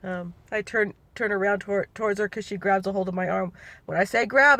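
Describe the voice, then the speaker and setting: Bright and forceful at a medium pitch and moderate pace, a middle-aged woman gives a personal oral-history recollection of her family. Her telling rambles and keeps self-correcting, with no room sound.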